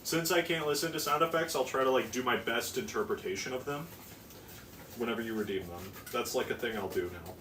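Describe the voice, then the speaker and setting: A man's voice: mid-range voice, fairly quick, sharp tone. Rambling teen guy streaming from an echoey kitchen. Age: teens. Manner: rambling, self-mocking, swears casually. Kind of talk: casual live-stream chat while baking. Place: home kitchen. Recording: echoey room, distant mic, noisy.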